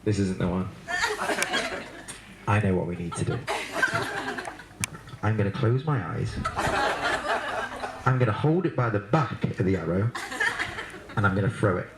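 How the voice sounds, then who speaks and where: A man's voice: fairly low pitch, expressive, unhurried, creaky, long pauses. A man giving a wedding speech as the bride's brother, telling a story with frequent laughter, fillers and restarts. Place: wedding reception. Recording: echoey room, loud background noise.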